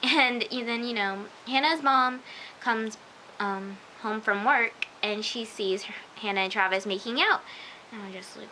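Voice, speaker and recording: A young woman gushes through an episode recap with a bright, forceful, slightly high voice. She talks in a chatty, excitable way and sometimes drops into whispers. A faint hiss sits under the recording. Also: measured pace, rough recording. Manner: chatty, gushing, full of "like" and "oh my gosh", drops into whispers. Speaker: show reviewer.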